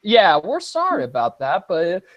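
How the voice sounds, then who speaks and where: A podcast host briefly voicing a calm old Southern male teddy bear with a slow, soothing drawl. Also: medium pitch, a crowd in the background. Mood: falsely soothing.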